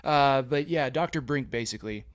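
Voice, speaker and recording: A man's voice: mid-range voice, moderate pace. Enthusiastic man recapping a TV show. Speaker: podcast co-host. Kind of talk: casual chat.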